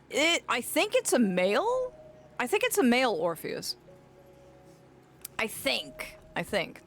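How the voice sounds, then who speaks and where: A woman's voice: mid-range voice, fairly bright tone. A woman streaming a game, chatting casually and rambling to her viewers with endearments. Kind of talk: casual live-stream chat.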